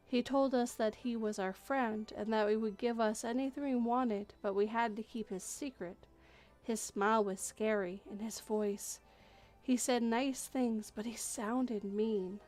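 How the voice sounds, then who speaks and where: A woman reading the words of a frightened young girl who speaks slowly and uneasily. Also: fairly high pitch, steady tone, a little mellow, faint music behind, natural voice.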